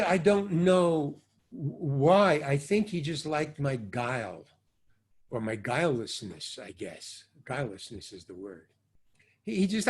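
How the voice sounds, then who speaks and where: Older male actor, husky and a little high-pitched, loose storyteller who acts out the dialogue. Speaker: actor interviewee. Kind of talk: casual anecdotal storytelling.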